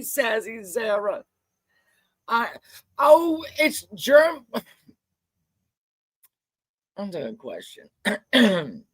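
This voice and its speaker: A middle-aged woman talks through a casual livestream from her carport. Her pitch swings widely and she takes her time over her words. She chats with viewers and rants with frequent swearing, and the sound is dry and close. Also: a bit bright, dry recording. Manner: chatty, profane, greets chat viewers between ranting. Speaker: livestream host. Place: home carport.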